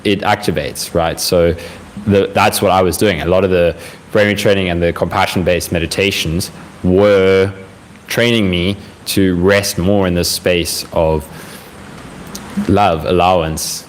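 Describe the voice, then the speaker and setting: A young man hosting a casual live Q&A from home, talking gently and reflectively with plenty of fillers, a fan running faintly behind him. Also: sits low, steady tone, poor audio. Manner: gentle, reflective, speaks in unhurried phrases with frequent fillers. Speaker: livestream host answering viewer questions. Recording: faint fan noise in the background.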